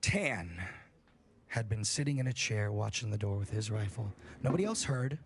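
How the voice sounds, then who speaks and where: A man's voice: on the low side, animated, normal speed, slight background noise. A man on a livestream telling a scary story in a casual, profane way, building suspense. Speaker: streamer.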